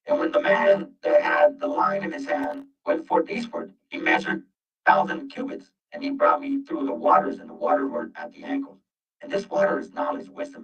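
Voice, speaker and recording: A man reading Bible verses aloud and explaining them to his listeners, whom he calls family; his voice runs through an accidental robotic voice-changer filter. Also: gravelly. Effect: accidental deep robotic voice-changer filter. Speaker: Bible teacher. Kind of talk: informal scripture reading and teaching. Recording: muffled, distant, with faint music.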